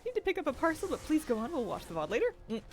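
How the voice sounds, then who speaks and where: Lively, chatty streamer at a home desk. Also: high-pitched, racing, slight background noise. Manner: chatty, coos at a cat in a playful baby voice; reads out and answers viewer chat. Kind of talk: casual chat while gaming.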